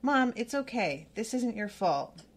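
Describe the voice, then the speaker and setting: A woman voicing a quiet, hesitant teenage boy while reading a novel aloud, close to her own voice. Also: fairly high pitch, animated, a little slow, slight background noise. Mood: unsure. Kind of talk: audiobook-style reading aloud.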